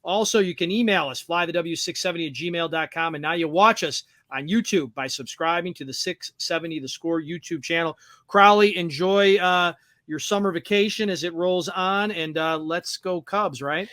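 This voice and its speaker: A man hosting a sports podcast in casual chat, brisk as he wraps up the show. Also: a little high, fairly bright tone, dry recording, studio quality. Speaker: podcast host.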